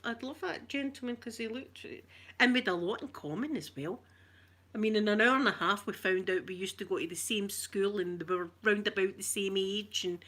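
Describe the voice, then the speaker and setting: A woman's voice: medium pitch, pushed and bright. A middle-aged Scottish woman chatting to her live-stream viewers, bawdy, flirtatious and full of stories. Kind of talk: casual live-stream chat.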